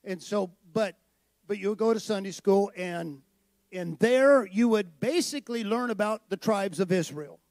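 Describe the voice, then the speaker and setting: A man's voice: sits high, normal speed, a little mellow, dry recording. A man preaching a sermon in a conversational way that builds to emphatic declarations. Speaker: pastor.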